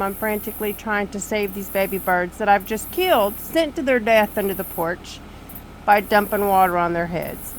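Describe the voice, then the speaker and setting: A woman's voice: medium pitch, moderate pace, poor audio. Older woman, vlogger, exasperated storytelling, self-mocking, porch, faint background noise. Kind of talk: storytelling to camera. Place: screened back porch.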